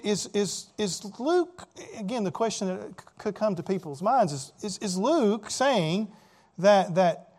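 Male preacher, higher-pitched voice, emphatic sermon delivery, rhetorical questions, lots of "right?" tags. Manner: asks rhetorical questions, many "right?" tags and repeated words; emphatic, swings between loud and soft.

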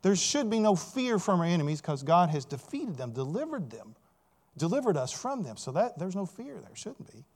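A male pastor preaching a sermon, building to loud emphatic points and checking in with "right?". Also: sits high, sing-song, moderate pace.

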